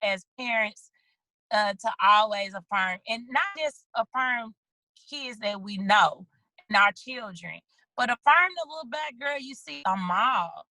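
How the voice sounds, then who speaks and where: Bright-voiced woman on a video call. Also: fairly high pitch, measured pace, no room sound, poor audio. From St. Louis, USA. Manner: animated storytelling, acts out little quoted lines. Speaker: guest, children's book author. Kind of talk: casual video-call interview.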